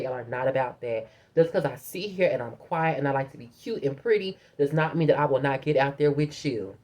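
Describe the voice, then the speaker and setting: A young adult woman telling a vlog storytime, blunt and profane, acting out other people's lines as she talks. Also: low voice. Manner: profane, blunt, animated storytelling with put-on quotes. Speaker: vlogger. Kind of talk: casual storytime rant.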